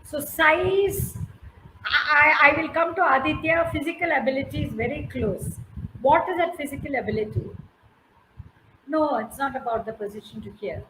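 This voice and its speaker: A woman's voice: high voice, moderate pace, bright, forceful tone, reverberant, slight background noise, low-quality recording. A woman with an Indian English accent telling a story to a class, coaxing answers and praising listeners by name. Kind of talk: interactive storytelling with questions to listeners.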